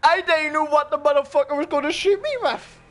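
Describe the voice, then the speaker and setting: Man telling a wild story, profane and animated. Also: very high voice, fairly quick.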